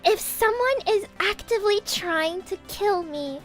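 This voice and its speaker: Woman, streamer, very high voice, casual livestream chat, profane animated rant, laughs a lot, faint music behind. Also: unhurried. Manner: animated ranting with frequent swearing; laughs often. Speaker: VTuber streamer.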